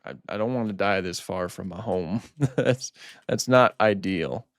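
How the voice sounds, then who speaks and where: A man's voice: lowish voice, unhurried, dry recording, studio quality. A man hosting a gaming channel, chatting casually as he plays and repeating himself when startled. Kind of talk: casual let's-play commentary.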